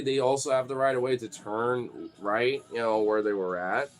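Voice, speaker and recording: A man's voice: medium pitch, moderate pace, hardly any pauses. A young man telling stories casually, rambling, swearing a lot and filling his talk with "like.". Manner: rambling, profane, many "like" fillers. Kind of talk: casual storytelling.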